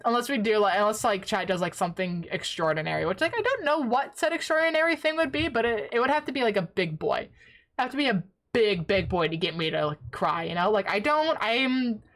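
A woman streamer with a brisk, mid-range voice chats casually while she draws. She's excitable and tends to yell in playful protest, and her voice sounds sore and raspy from all the yelling.

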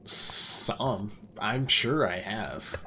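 Man, let's play host, low voice, lively swings in pitch, joking asides, background noise. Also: very slow. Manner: joking, offhand remarks. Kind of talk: casual gameplay commentary.

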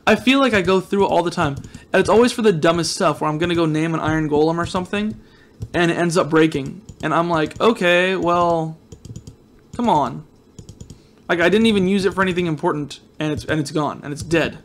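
A man narrates his game session in a loose, chatty way, drifting into jokes and asides to his viewers. His voice sits a touch higher than most men's. There is a slightly groggy, just-woke-up edge to it. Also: fairly quick, slight background noise. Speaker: gaming video host. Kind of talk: casual let's-play commentary.

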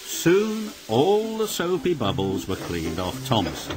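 A man reading a children's story aloud in a sing-song, expressive way. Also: mid-range voice, slow, slight background noise. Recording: music playing behind.

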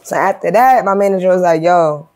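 A woman from Queens, a guest rapper telling a story in a casual interview. She talks in a profane, animated way and acts out the voices of the people she quotes. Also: medium pitch, a little fast. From Queens, New York.

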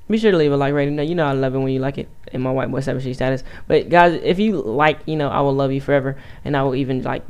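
A man's voice: on the high side, darkish tone, clean tone. A man giving casual, rambling gameplay commentary on his home mic, stuttering and restarting his sentences. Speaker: YouTube gamer.

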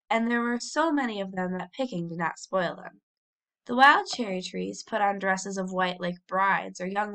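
A woman reads a children's novel aloud in a clear, bright voice. She keeps the narration lively. She gives the characters brief cheerful voices of their own, at a middling pitch. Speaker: audiobook reader. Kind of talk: storybook narration.

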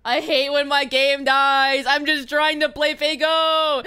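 High-voiced excitable woman streamer. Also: takes it slowly, hardly any pauses. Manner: excitable, dramatic outbursts and playful whining. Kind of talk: casual gaming livestream chat. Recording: stream audio with music playing underneath. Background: background music.

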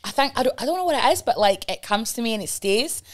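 An energetic, bubbly woman chatting as a podcast guest. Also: on the high side, quick pace. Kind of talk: casual banter.

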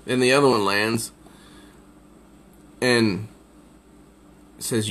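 Slow, amused man reviewing comics. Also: mid-range voice, a bit bright. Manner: amused, easily tickled by the jokes. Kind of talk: casual comic review, summarizing pages.

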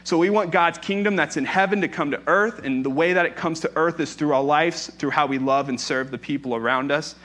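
A man's voice: on the high side, brisk, hardly any pauses, fairly bright tone. A young adult man, a pastor, preaching a sermon in a conversational way, telling stories with playful asides.

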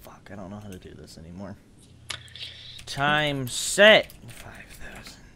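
A man's voice: fairly low pitch, very animated, unhurried, background noise. A man in casual gaming chat with a friend, teasing him and muttering curses. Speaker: gamer and channel owner.

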